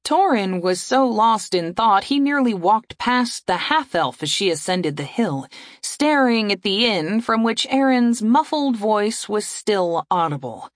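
A woman reading a fantasy story aloud in a measured, expressive narration. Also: mid-range voice, no echo, clean studio sound. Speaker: audiobook narrator.

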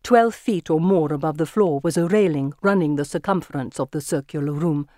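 Measured, vivid first-person audiobook reader; close, dry studio sound. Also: mid-range voice, warm tone, no echo. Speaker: audiobook narrator. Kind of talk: first-person scripted narration.

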